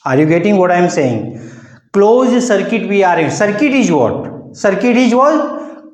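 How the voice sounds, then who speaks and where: A man's voice: high-pitched, very animated, measured pace, echoey room, rough recording. A man teaching physics, constantly posing rhetorical "what?" questions and answering them himself. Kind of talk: classroom lecture.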